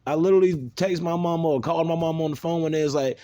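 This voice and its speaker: A man's voice: on the high side, rapid-fire, warm tone. A man from the South, talking bluntly and profanely in an unscripted video monologue. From American South. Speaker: video maker.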